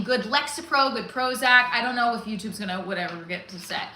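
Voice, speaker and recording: A woman's voice: fairly high pitch, fairly quick, bright, forceful tone, slight background noise. A woman hosting a casual livestream, cracking profane, rambling stand-up jokes. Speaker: livestream host. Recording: roomy echo.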